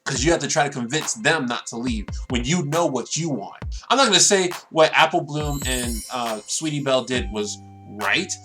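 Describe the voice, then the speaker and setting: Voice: medium pitch, lively intonation, normal speed, few pauses, a bit bright. Earnest, emotional episode reviewer, casual and long-winded, with faint background music. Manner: earnest and emotional, talks at length. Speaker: show reviewer.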